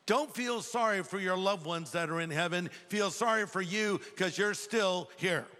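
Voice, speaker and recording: A man's voice: sits high, normal speed, bright, forceful tone, slight background noise. A man preaching a sermon, telling stories with humor and animation. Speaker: pastor. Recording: long hall reverb.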